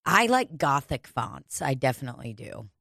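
A woman's voice: a bass voice, big pitch swings, normal speed, vocal fry, a bit bright, dry recording, clean studio sound. A woman in casual chat, rambling and joking crudely, laughing often.

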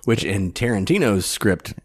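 Co-host, man, very deep voice with a husky edge, easygoing chat. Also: normal speed. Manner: relaxed, brief agreeing replies. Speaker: podcast co-host. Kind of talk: casual chat.

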